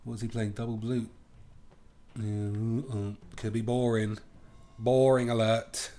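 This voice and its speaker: A man's voice: lowish voice, little pitch movement, unhurried, warm tone. A man giving playful, crude running commentary on his card game as he plays, thinking aloud about each move. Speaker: gaming video host.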